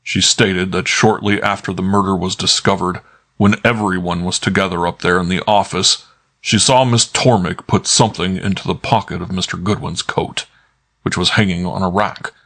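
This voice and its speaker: A man's voice: low voice, steady tone, moderate pace, fairly bright tone. A man voicing an authoritative older male detective in an audiobook, formal and precise. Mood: commanding. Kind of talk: audiobook character voice.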